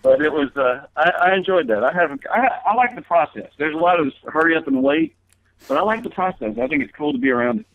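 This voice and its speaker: A man's voice: a little high, very animated, fast. A man talking as a guest comedian in a casual interview, telling long rambling stories with many fillers and restarts. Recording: tinny phone line.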